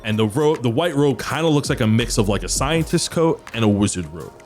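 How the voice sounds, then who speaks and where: Man dungeon master, casual rambling scene narration, middle pitch. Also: animated, a little fast, darkish tone, soft background music. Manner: casual, rambling descriptions with fillers. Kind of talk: narrating a tabletop game.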